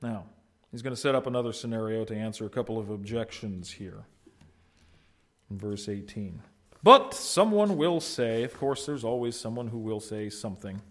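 A man's voice: on the low side, fairly even intonation, fairly quick. Emphatic male preacher. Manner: swings from loud emphatic peaks to quiet asides; asks the congregation questions. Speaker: pastor. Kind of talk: sermon.

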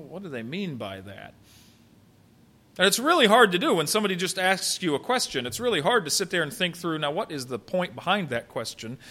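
Emphatic high-voiced male preacher. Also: sharp tone. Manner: emphatic, asks rhetorical questions. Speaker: pastor. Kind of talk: sermon.

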